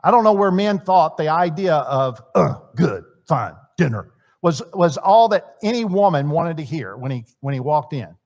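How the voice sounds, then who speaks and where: A man's voice: on the high side, animated, normal speed, few pauses, darkish tone. A middle-aged man teaching at a church marriage seminar, talking conversationally and acting out bits of dialogue. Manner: conversational, acts out quoted dialogue, repeats words.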